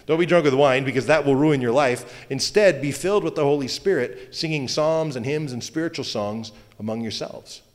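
Male pastor, conversational preaching style, joking asides, long hall reverb. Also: mid-range voice. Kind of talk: sermon.

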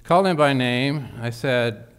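A man's voice: mid-range voice, measured pace, clean tone. A man preaching a sermon, telling a personal story with emphatic asides to the congregation. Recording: long hall reverb.

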